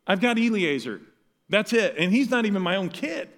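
A pastor preaching an animated sermon, acting out the lines of the people in the story. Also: male voice, high-pitched, moderate pace, long reverb tail. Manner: animated, acts out quoted dialogue.

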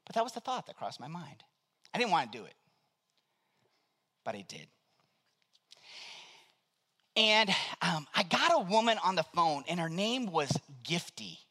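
A man's voice: high-pitched, sing-song, unhurried, pauses often, bright, forceful tone. A man preaching to an audience, telling a self-mocking story and acting out both sides of the dialogue. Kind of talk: storytelling sermon.

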